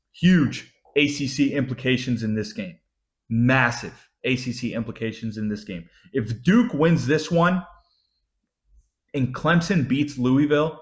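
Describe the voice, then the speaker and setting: A young man hosting a casual sports betting show, talking picks with frequent swearing and heated rants. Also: medium pitch. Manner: profane, ranting, animated. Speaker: sports betting podcast host.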